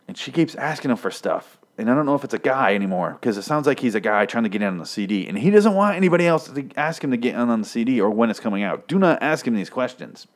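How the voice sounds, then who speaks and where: A man giving a mock-serious, faux-scholarly breakdown of song lyrics in a deadpan comedic style. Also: medium pitch, fast talker, hardly any pauses. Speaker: comedic commentator.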